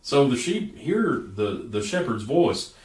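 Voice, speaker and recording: Folksy preacher, echoey room. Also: male voice, mid-range voice, sing-song, darkish tone, recorded from a distance. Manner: folksy storytelling, drawn-out emphasis. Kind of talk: sermon.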